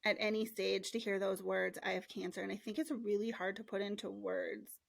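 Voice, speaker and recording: A woman hosts a podcast conversation, heartfelt and reflective, in a mid-range voice with a gravelly fry. She is recorded close with a dry sound. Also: mid-range voice, level tone, a little fast, dry recording. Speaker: podcast host. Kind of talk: casual interview chat.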